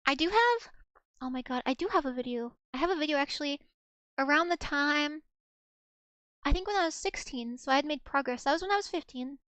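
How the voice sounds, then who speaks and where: A woman streaming as a VTuber talks in a high voice, rambling through casual chat full of fillers and self-corrections. The sound is dry and close, with no room around it. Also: lively intonation, a little fast, fairly bright tone, dry recording. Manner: rambling, filler-heavy, many restarts.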